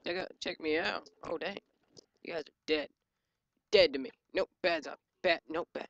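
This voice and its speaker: A gaming channel host giving excitable live commentary while playing, yelping and joking at enemies. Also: mid-range voice, moderate pace, dry recording, dull audio. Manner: excitable, yelps and jokes at enemies. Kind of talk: live let's-play commentary.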